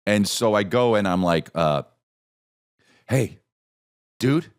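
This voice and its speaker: A middle-aged man spins a comedic story on his podcast, his pitch swinging widely as he acts out the people he met. He swears freely and slips into quick little impressions, then drops back to a low grumble. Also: lively intonation, clear, resonant tone. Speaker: podcast host.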